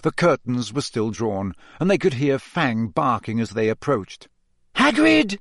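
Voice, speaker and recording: A man narrating a storybook in an expressive, dramatic reading style. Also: mid-range voice, a little slow, no room sound, clean studio sound. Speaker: audiobook reader.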